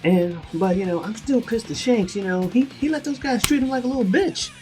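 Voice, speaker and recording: A man's voice: very high-pitched, big pitch swings, brisk, warm tone, soft background music, pitched above the performer's own voice. A man voicing a cocky, whiny young boy who dreams of being a pirate. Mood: brash.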